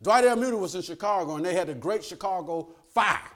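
An older man preaching a sermon, calling out to the congregation and rising to shouts. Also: high voice, expressive, a little fast.

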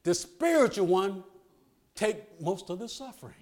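A man preaching a sermon, folksy and joking, building to shouted call-and-response lines. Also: high voice, lively intonation, measured pace. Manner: folksy, joking asides with laughter.

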